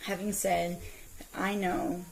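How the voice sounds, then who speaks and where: A woman in her forties ranting in a vlog from her parked car, telling her story with indignant, animated outbursts. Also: lowish voice, takes it slowly, gravelly, a little hiss or hum, rough recording. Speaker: vlogger.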